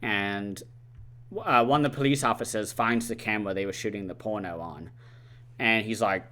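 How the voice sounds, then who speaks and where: A movie reviewer with a lowish voice gives a casual, rambling spoiler recap of a film at normal speed. He retells the scenes in an animated way, full of "like" and "uh."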